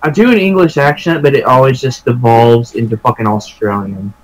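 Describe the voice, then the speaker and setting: A man's voice: mid-range voice, fairly quick, rough recording. A young man co-commentating a game, joking, rambling and swearing a lot. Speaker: let's play co-commentator. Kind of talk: casual gaming commentary.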